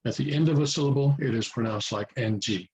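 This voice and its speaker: A native English-speaking man giving a language lesson, repeating himself often and pausing with fillers as he explains. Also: mid-range voice, darkish tone, dull audio. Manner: repeats words, many fillers and restarts. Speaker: language teacher. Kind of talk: explaining at a whiteboard-style lesson.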